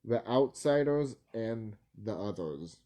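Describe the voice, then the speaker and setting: A man talking through a casual vlog in a mellow, relaxed voice that swings widely up and down. He rambles, swears freely and trips over his words. He laughs easily as he goes. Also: lowish voice, takes it slowly. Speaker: video creator.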